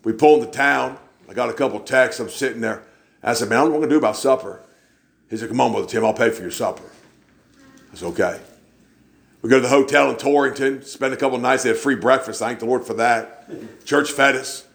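A man's voice: medium pitch, quick pace, creaky, fairly bright tone. A man, preaching in a church and telling folksy stories, acting out the people he quotes. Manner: folksy storyteller, acts out quoted voices. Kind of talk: sermon storytelling.

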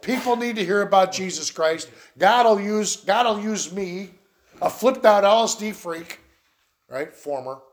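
A man's voice: high voice, expressive, measured pace. A man preaching a sermon. He tells folksy stories with laughs and asides. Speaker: pastor.

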